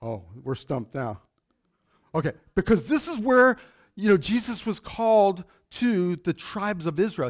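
Higher-voiced pastor quizzing his congregation. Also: measured pace. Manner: animated, quizzes the congregation with questions. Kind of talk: sermon with Bible teaching.

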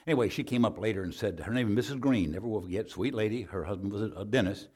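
A man from Arizona, preaching a sermon in a folksy storytelling way and easing into a soft altar call. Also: on the low side, rapid-fire, husky.

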